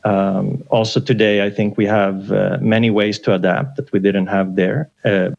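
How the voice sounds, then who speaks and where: Professor man from Sweden, low gravelly voice, hesitant, dull breaking-up call line. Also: level tone, normal speed, a little mellow. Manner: hesitant, many fillers. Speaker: economics professor guest. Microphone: remote call line.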